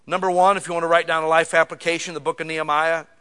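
Bright-voiced pastor swinging loud to hushed. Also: male voice, a little high, little pitch movement, racing, clear, resonant tone. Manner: conversational preaching that swings from loud emphatic bursts to quiet, intimate asides. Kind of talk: sermon. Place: small church.

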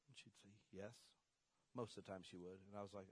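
Man, pastor, conversational sermon, loud emphatic bursts and quiet asides, dry sound. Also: fairly low pitch, a little fast, breathy edge, no echo. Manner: conversational preaching with wide swings in loudness.

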